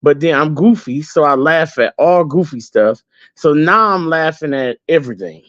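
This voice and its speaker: A man's voice: on the high side, moderate pace, a bit bright, dry recording, lo-fi sound. A man hosting his own channel, telling a story in a loose, chatty way to viewers and laughing easily as he goes. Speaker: channel host. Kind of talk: casual storytelling to livestream viewers.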